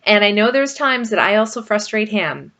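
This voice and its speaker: A woman's voice: medium pitch, sing-song, moderate pace, fairly bright tone, dull audio. A middle-aged woman vlogger talking casually and rambling about her marriage, with frequent fillers. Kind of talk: casual personal talk to camera.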